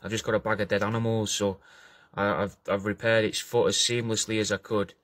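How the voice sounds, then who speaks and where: This comedic taxidermist character is voiced by a man on the low side, brisk and a bit bright, with a flat delivery. Rambling loosely to camera, he keeps restarting, cursing and throwing in "mate".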